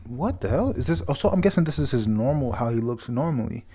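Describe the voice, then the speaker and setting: Man, casual manga chapter review, rambling with fillers, mellow tone, mid pitch. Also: lively intonation, fast talker, breathy edge. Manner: rambling, many fillers, reads quotes aloud, stumbles and restarts.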